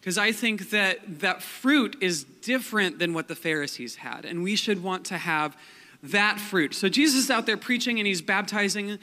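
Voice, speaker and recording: A young man preaches as a pastor in a high, bright voice with a forceful edge. Chatty and joking, he fills his casual sermon with "um" and "like," all heard through long hall reverb.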